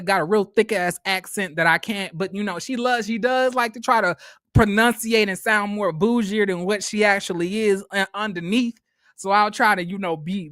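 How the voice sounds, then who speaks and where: A man with a high, lively voice recaps a reality show. He swears freely and stammers through restarts as he tells the story. The recording is dry and close-up. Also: no room sound. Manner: animated, profane, stammering restarts. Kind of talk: casual profane recap commentary.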